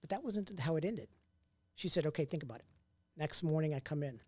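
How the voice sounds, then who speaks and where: A man telling stories in an interview, casual and animated, acting out what others said to him. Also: a little high, a little fast, slightly rough, no echo. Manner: animated storyteller who acts out quoted dialogue; casual, occasional mild swearing. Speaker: entrepreneur guest. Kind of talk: conversational storytelling interview.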